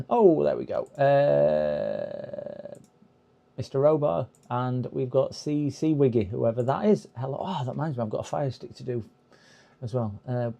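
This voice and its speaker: Chatty man, hoarse. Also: mid-range voice, mellow. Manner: chatty, rambling, laughs at his own jokes. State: voice going hoarse, clearing throat. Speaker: livestream host repairing computers. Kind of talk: casual live-stream chat.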